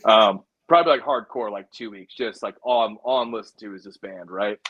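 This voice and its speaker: A male musician in a casual interview, telling a story in a rambling, animated way, full of fillers like "like" and "dude". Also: on the low side, a little fast, muffled recording, a little hiss or hum. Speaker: musician guest.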